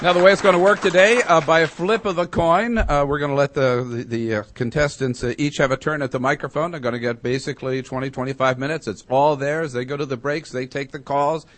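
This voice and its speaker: A man hosting a talk radio contest, halting with lots of uh fillers. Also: a little high, a bit bright, no echo, a faint crowd. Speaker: radio host.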